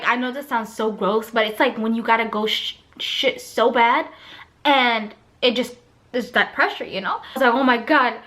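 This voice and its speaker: Young woman vlogger, high and bright chatty storyteller who talks right to viewers. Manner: chatty, addresses viewers as you guys. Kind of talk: casual storytelling to camera.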